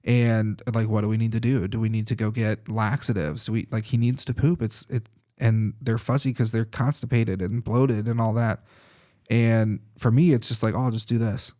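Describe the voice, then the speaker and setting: A man who is a chiropractor, a guest on a podcast, telling lively stories in casual conversation and laughing often. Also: on the low side, normal speed. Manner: lively anecdotal storytelling with frequent laughs.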